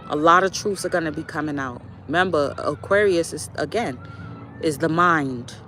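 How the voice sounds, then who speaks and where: A woman's voice: low voice, moderate pace, pushed and bright, a little hiss or hum. A young adult woman, a spiritual vlogger, telling a story in a casual monologue with lots of fillers and preachy asides while out on a walk.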